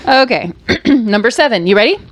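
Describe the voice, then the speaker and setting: Woman podcast co-host, higher voice, earnest reader, easy laugher, dry sound. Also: expressive, moderate pace, dry recording. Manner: laughs easily, earnest and explaining. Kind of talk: casual chat, reading quotes aloud.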